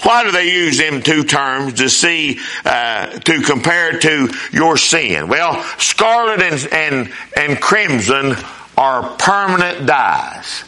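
A male pastor delivers an emphatic sermon, swinging up and down as he repeats his points. His voice sits a little high and sounds very bright and ringing. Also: very animated, takes it slowly. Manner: emphatic preaching, rising and falling with repeated phrases.

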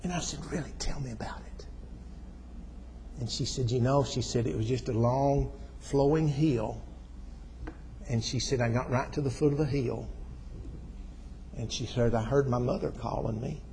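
A man preaching a sermon. He tells stories, swells to loud, fervent peaks, then drops soft. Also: medium pitch, moderate pace, long pauses, in a large hall, a little hiss or hum, poor audio.

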